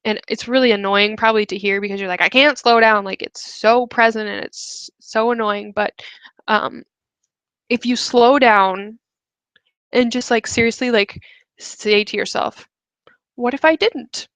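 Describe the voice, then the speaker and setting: Young woman, casual webinar host, gravelly voice, dry close sound. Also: fairly high pitch, fairly even intonation, unhurried, fairly bright tone, no echo, poor audio. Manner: chatty, many fillers like "like". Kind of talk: casual coaching talk.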